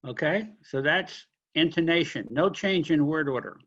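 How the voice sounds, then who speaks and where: A man lecturing a linguistics class, explaining question forms slowly with examples and apologizing for being unclear. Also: a little high, a bit bright, breathy edge, highs cut off. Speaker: linguistics instructor.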